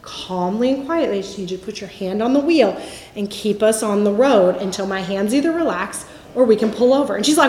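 A woman in her forties giving a Bible teaching talk in a lively storytelling manner. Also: high-pitched, fairly quick, a little hiss or hum. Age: 40s. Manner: lively storytelling, acts out quotes with laughs. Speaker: campus ministry speaker. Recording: echoey room.

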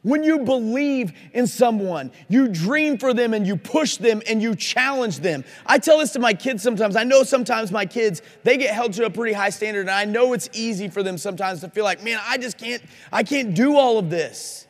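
Speaking a little fast and with few pauses, this man has a high voice full of lively intonation. He's delivering an earnest, challenging sermon at a Christian conference, questioning his audience directly. The live recording captures the reverb of the conference hall.

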